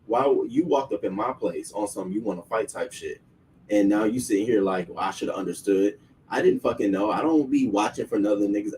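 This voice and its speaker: Profane, animated man telling a story. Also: on the low side, fairly quick, far from the mic, a little hiss or hum, poor audio. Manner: profane, animated, acts out quoted voices. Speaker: show host. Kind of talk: casual storytelling.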